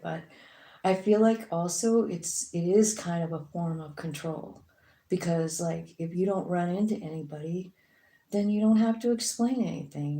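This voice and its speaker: Slow, mellow-voiced woman reading tarot. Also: lowish voice. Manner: frank and profane, many fillers. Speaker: tarot reader. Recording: roomy echo.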